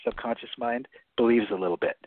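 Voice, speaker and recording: Husky-voiced man on a tinny phone line. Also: medium pitch, fast talker, no room sound. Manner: chatty, frequent "right?" tags and laughs. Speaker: guest author. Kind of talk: radio interview, explaining.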